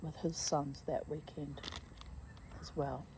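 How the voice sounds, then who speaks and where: A middle-aged woman reading aloud from her own memoir, reflective and halting, with frequent asides. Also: deep voice, little pitch movement, background noise. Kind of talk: personal storytelling read aloud.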